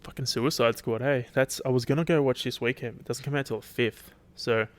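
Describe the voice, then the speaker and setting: A man's voice: mid-range voice, fairly even intonation, fairly quick. A young Australian man hosting his podcast alone, chatting casually in a loose, rambling and sweary way. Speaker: podcast host. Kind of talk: casual solo chat.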